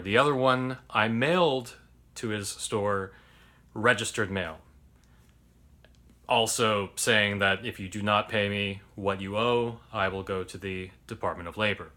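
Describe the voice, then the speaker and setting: Low-pitched, forceful male podcast host; candid, rambling storyteller. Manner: candid, rambling, swears freely. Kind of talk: casual personal storytelling.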